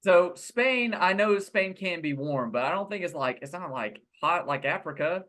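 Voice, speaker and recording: A man's voice: sits high, expressive, normal speed, a bit bright. A man co-hosting a podcast, talking in a laid-back, teasing way and laughing often during casual chat. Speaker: podcast co-host.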